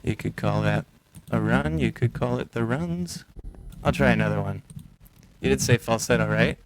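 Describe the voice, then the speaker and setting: A young music producer and host speaks in a mid-range voice with vocal fry at a moderate pace. While working on a song in his video, he chats casually and reads out viewer comments.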